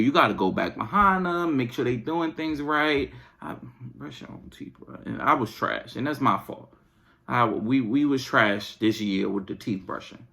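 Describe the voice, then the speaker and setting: A man's voice: medium pitch, creaky, fairly bright tone. A man hosting a podcast, venting in a casual, exasperated, slangy rant. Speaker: podcast host.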